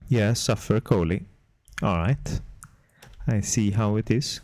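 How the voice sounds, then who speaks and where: A fairly low-voiced man chats slowly with his stream audience, answering viewer messages between stretches of art work. He puts on a deliberately terrible Swedish accent the whole time. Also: darkish tone, no echo. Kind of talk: casual livestream chat while making game art.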